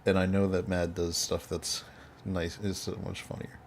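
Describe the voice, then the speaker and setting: Low voiced guy hosting a podcast, laughs a lot, light hum in the background. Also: level tone, normal speed, gravelly. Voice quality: chuckles often. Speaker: podcast host. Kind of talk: casual chat.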